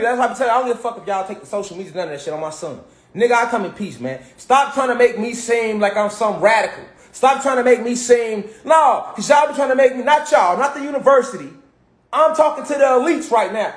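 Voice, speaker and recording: A man launches into a profane, impassioned rant, hammering the same points again and again. His voice sits high and the words tumble out quickly. The room gives his voice a roomy, echoing ring. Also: animated. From Chicago. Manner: emphatic, profane, repetitive street talk. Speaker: commentator.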